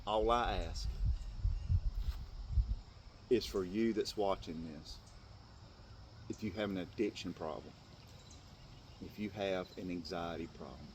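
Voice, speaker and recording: A man giving an impassioned, tearful Christian motivational talk to other men, swinging from hushed tones to loud bursts. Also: low-pitched, takes it slowly, pauses often, slight background noise. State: tearful at times. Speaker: faith speaker addressing men.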